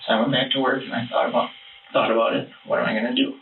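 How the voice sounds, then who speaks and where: A man being questioned by detectives, telling his story in a halting, rambling way with many restarts, heard on a distant police interview room recording. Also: medium pitch, level tone, vocal fry, echoey room, narrow, tinny audio, noisy background.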